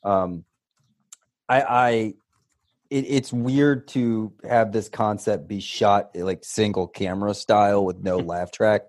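Low voiced guy on a podcast, dry close mic, rambles and swears, lots of restarts. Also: fairly even intonation, takes it slowly, a little mellow, no room sound. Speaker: podcast co-host. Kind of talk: casual chat.

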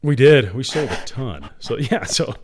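A man's voice: medium pitch, lively intonation, a little slow, darkish tone. A man, a company founder, candidly telling his story as a guest in an interview, earnest and emotional.

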